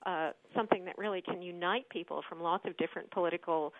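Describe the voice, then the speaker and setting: A woman speaking as an expert guest on a radio show, explaining things in a thoughtful, measured way with frequent hesitations. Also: lowish voice, dry recording. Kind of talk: explanatory radio interview answers. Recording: dry, narrowband phone-like line.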